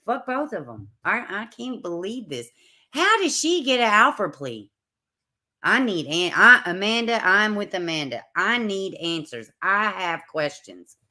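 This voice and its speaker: A woman's voice: very animated, a little slow. A woman hosting a casual true crime livestream, talking bluntly with swearing, and greeting chat viewers by name between indignant remarks. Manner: indignant, swings between loud outbursts and low mutters.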